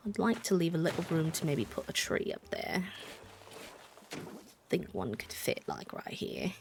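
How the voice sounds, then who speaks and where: A young woman streaming a life-sim game, chatting casually and bubbly, thanking viewers and sometimes dropping to a soft whisper. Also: lowish voice, wildly swooping pitch, moderate pace, gravelly, noisy background. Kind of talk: casual live-stream chat while gaming.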